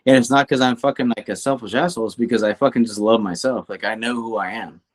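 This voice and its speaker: A man co-hosting a podcast in a casual chat, swearing a lot and rambling, his voice climbing when he gets worked up. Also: quick pace. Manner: profane, rambling, animated, rising pitch when worked up. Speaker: podcast co-host; coach.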